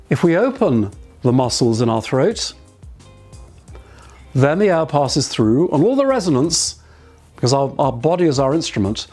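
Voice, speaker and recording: A man teaching voice and speaking skills, giving calm, measured instruction and guiding the listener through exercises. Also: mid-range voice, slightly rough. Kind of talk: instructional talk to camera.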